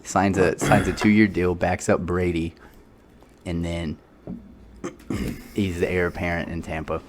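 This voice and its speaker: A man's voice: low-pitched, level tone, slow pace, noisy background. A man co-hosting a casual podcast, rambling and joking through sports banter. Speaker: podcast co-host. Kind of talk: casual chat.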